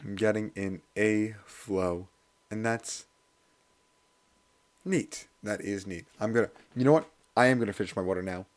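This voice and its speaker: A man with a hoarse voice chatting casually and laughing at himself while livestreaming. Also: on the low side, steady tone, normal speed. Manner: chatty, self-deprecating, laughs often. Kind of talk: casual study stream chat.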